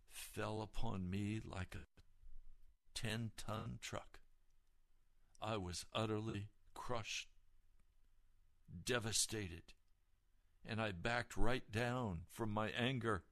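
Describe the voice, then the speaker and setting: A man preaching a personal testimony in a slow, deliberate way and a fairly low voice. His delivery is dramatic and emotional, and it surges into loud, intense peaks. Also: vocal fry.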